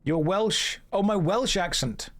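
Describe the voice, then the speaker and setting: Man, British received pronunciation accent, slightly high voice, dry deadpan humor, casual game-stream chat. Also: a little slow.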